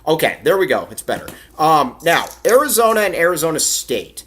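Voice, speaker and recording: A man's voice: fairly high pitch, sing-song, fairly quick, fairly bright tone, husky, dry recording. A man hosting a live sports talk show, chatty and self-deprecating.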